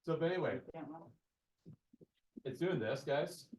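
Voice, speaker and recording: A man teaching a high school math class in a casual lecture, talking the students through calculator steps. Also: expressive, unhurried, a little mellow, breathy edge, rough recording. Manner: casual, talks to students as guys, thinks aloud with fillers.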